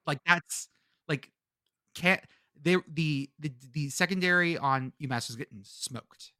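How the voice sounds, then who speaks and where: Male podcast co-host, slightly high, bright and forceful, jokey and stumbling. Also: a little slow, no room sound, studio quality. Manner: jokey, riffing, stumbles over words. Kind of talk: casual sports chat.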